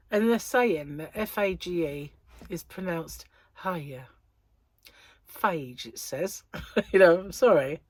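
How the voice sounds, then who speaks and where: Speaking on the low side in a dry space with no room sound, a woman hosts her crochet vlog and chats casually to camera. She rambles and pokes fun at herself, laughing often, with a slightly stuffy nose and a sneeze seemingly on the way.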